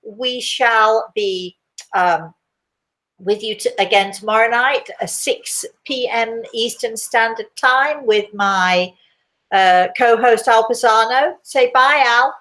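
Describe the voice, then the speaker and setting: A woman's voice: a little high, slow, a bit bright, poor audio. An older woman hosting a live stream as a medium, chatting loosely and laughing often. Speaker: host and medium. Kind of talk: casual live-stream chat.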